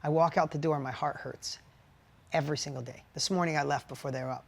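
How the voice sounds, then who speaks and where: A man's voice: fairly high pitch, steady tone, quick pace, creaky. A middle-aged man co-hosting a podcast with his wife, talking candidly in an earnest, heartfelt, confessional way and telling stories with animation. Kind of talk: candid conversational podcast talk.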